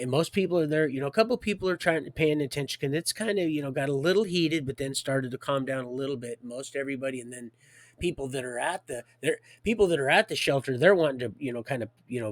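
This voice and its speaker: A middle-aged man telling a rambling personal story on a livestream, halting with many restarts and swinging from quiet to loud. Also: mid-range voice, no echo.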